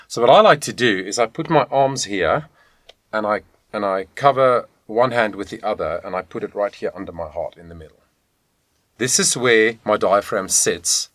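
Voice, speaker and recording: A man teaching a video voice lesson, talking straight to the viewer in an encouraging, animated way. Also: on the low side, dry recording. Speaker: vocal coach.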